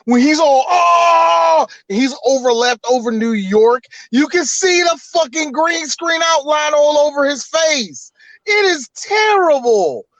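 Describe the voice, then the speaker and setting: A middle-aged man co-hosting a podcast, talking in animated casual chat with frequent laughter and swearing. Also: extremely high pitch, measured pace, no room sound. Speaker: podcast co-host.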